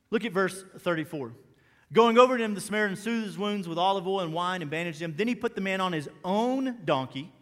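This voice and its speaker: A pastor delivering a sermon, his voice pitched high for a man. He talks to the room conversationally, repeating his key lines and tossing out questions. The sound carries a long hall reverb. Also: a bit bright.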